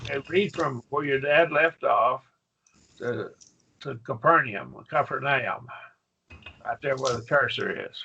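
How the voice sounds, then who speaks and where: A man's voice: medium pitch, unhurried, gravelly, long pauses, pushed and bright, lo-fi sound, a little hiss or hum. A man teaching a Greek grammar class, patiently quizzing his students with questions. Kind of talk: classroom lesson.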